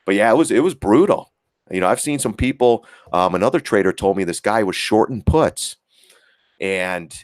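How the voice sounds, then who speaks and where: A man's voice: deep voice, dry recording, studio quality. A man hosting a trading livestream in casual, rambling chat, heavy on filler words and repeats. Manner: acts out quoted voices, chuckles often. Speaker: stock trading livestream host.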